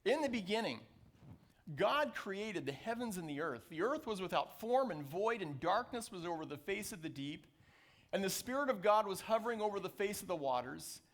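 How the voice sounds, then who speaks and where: A man preaching a sermon as a pastor, reading scripture aloud and slowing down to stress key phrases. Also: high voice, expressive. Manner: reads scripture passages aloud.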